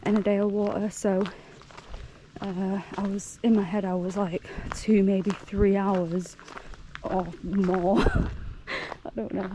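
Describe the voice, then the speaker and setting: A woman's voice: mid-range voice, steady tone, slow pace, warm tone, slight background noise. Rambling young woman vlogging on a hike. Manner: chatty, rambling, laughs often. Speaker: hiking vlogger. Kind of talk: casual chat to camera. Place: outdoors on a hiking trail.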